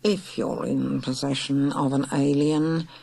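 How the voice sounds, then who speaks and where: A woman reading a storybook, voicing a cold, sinister male scientist who speaks quietly and slowly. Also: extremely low pitch, steady tone, creaky, dry recording, pitched below the performer's own voice, heavily acted. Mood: menacing. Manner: quiet, slow, menacing.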